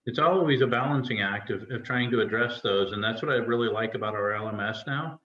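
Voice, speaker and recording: A man facilitating an online faculty workshop. He speaks in a relaxed way and keeps prompting others with questions. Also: medium pitch, fairly quick. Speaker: discussion facilitator. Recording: echoey, slightly dull video-call audio.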